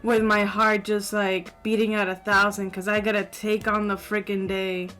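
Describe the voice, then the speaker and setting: A woman's voice: mid-range voice, level tone, normal speed, fairly bright tone, faint music behind. A young woman co-hosting a podcast, telling a long story in casual chat with many fillers. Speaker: podcast co-host.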